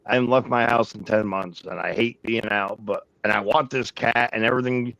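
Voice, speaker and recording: A man telling a long, profane anecdote in casual chat, rambling and animated. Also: lowish voice, fairly quick, creaky, dry recording, muffled recording. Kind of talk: casual storytelling.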